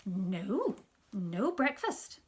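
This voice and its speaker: A woman voicing a kind aunt in a children's storybook reading, with bright, emphatic delivery. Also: medium pitch, very animated, extremely slow, breathy edge, exaggerated voice. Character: kind, cheerful grown-up aunt.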